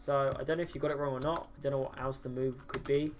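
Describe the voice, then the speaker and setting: A tired man with a medium-pitched voice chats casually on a gaming livestream, answering chat and swearing, with many ums and restarts. His delivery is flat and fast.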